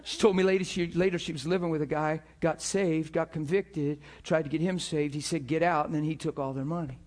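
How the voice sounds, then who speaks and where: A man preaching a sermon, telling stories in an animated, emphatic way and acting out the people he quotes. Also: a little high, fairly quick. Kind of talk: sermon storytelling.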